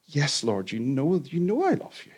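A man's voice: on the high side, wildly swooping pitch, normal speed, darkish tone, slightly rough, pitched above the performer's own voice, heavily acted. A preacher playing a defensive fisherman Peter. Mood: protesting. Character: Peter, a blustering fisherman protesting.

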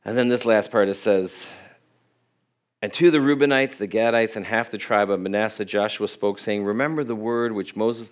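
Middle-aged male pastor, conversational sermon, asks the congregation questions, reads scripture aloud. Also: mid-range voice. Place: church.

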